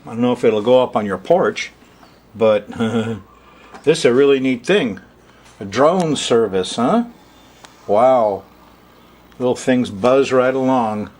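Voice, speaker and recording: A man's voice: medium pitch, expressive, takes it slowly, pauses often, a little mellow. A man hosting an astrology television show, talking casually to the camera with frequent chuckles and rambling asides. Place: Hawaii.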